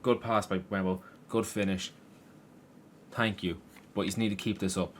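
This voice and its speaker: A man's voice: deep voice, fairly even intonation, normal speed, slight background noise. A young man commentating his football game from his room, swearing and venting frustration at the players and the game. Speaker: gaming YouTuber. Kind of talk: gameplay commentary.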